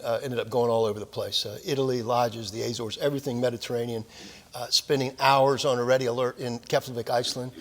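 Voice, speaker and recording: An older man, formerly a naval officer, guest-speaks at a military lecture series in a club lecture hall, sharing folksy, self-deprecating anecdotes with many fillers. His pitch is medium and the sound is that of a large hall.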